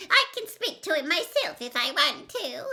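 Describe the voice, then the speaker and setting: A woman reading aloud and voicing a cringing, hunched male servant with a squeaky, whiny voice. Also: very animated, moderate pace, bright, forceful tone, full character voice. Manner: whiny and resentful. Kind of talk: audiobook reading.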